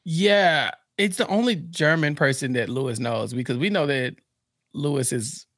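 A man co-hosting a casual TV recap podcast, playful and animated, laughing as he riffs on the plot. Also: fairly high pitch, normal speed, no echo, studio quality. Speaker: podcast co-host.

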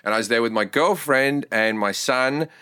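A man with an Australian accent, a comedian telling animated stories with acted-out shouts in a casual podcast chat. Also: mid-range voice, normal speed, clear, resonant tone, dry recording, studio quality. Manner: animated storytelling, swearing, acting out crowd shouts. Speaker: guest comedian.

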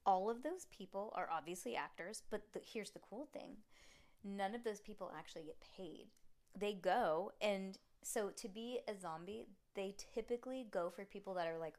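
A woman in her thirties hosting a podcast with her young daughter, talking in a chatty, excitable way full of rambling asides. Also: mid-range voice. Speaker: podcast host and mother. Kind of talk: casual chat reading to kids.

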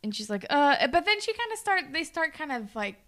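A woman's voice: high-pitched, sing-song, fairly quick, sharp tone. A woman chatting casually as a podcast co-host, recapping a show and mimicking characters.

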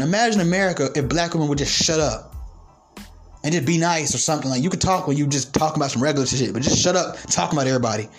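A man vlogging in a profane, mocking and sarcastic rant. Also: high-pitched. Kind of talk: ranting commentary.

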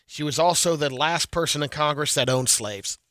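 A man's voice: a little high, moderate pace, pushed and bright, a little hiss or hum. A man co-hosting a morning radio show, reading trivia in a matter-of-fact way. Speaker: radio co-host presenting trivia segments. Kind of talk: casual morning radio banter. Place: radio studio.

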